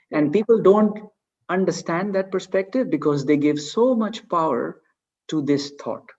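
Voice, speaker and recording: Guy coaching people over a video call, earnest, kinda high voice, muffled lo-fi sound. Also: a little mellow. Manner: earnest, advice-giving, acts out examples in quoted voices. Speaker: leadership coach. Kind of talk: online workshop talk.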